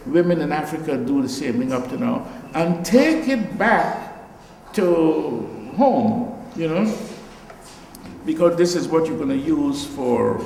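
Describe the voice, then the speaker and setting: An older man from Guyana, an artist giving a relaxed gallery talk, musing and repeating phrases with animated exclamations. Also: on the high side, gravelly, reverberant, in a large hall, slight background noise, poor audio. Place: gallery room.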